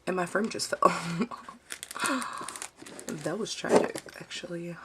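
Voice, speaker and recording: A young American woman, a DIY vlogger with a Baltimore accent and a Southern drawl, talks through a craft tutorial at home and keeps drifting off topic. Her voice is lowish and slow, and there's heavy background noise. She's chatty, easily sidetracked, and says "y'all."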